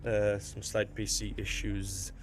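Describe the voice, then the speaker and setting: A man casting an esports match live, chatting loosely with many fillers while waiting out a technical pause, still in his morning voice. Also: fairly low pitch, slight background noise. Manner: relaxed, filler-heavy chatter during a tech pause. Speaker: esports caster.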